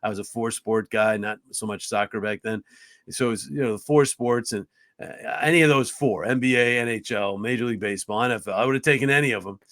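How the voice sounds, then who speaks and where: A man in his fifties from upstate New York, a hockey play-by-play broadcaster, telling career stories as a podcast guest. He talks in a lively, earnest way, restarts often, and jumps his voice up to act out what others said. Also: fairly low pitch, fast, no echo, clean studio sound. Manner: lively storyteller who acts out other people's lines with his voice jumping up; frequent restarts and "uh"s, chatty and earnest. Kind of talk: conversational storytelling in a podcast interview.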